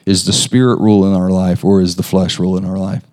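A man's voice: low-pitched, little pitch movement, brisk, a little mellow. A man preaching a sermon, talking conversationally and asking his listeners questions. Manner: conversational, asks the congregation questions.

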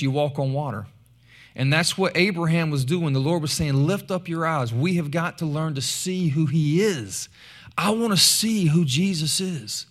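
A man preaching a sermon, animated, rising to loud emphasis when he reads scripture. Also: on the high side.

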